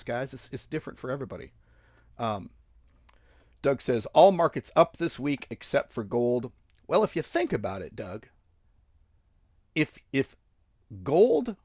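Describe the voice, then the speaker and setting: A man hosting a trading livestream, chatting casually and reading viewer comments in a brash, profane, excitable way that swings from loud outbursts to mumbling. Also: on the high side, no room sound, clean studio sound.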